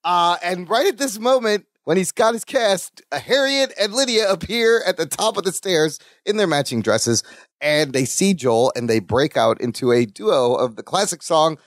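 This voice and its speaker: A man's voice: sits high, lively intonation, moderate pace, no echo. A man co-hosting a podcast, recapping a sitcom with dry humor and acting out the characters' lines. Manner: wry, acts out characters' lines in quotes. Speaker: podcast co-host. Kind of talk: casual rewatch podcast recap.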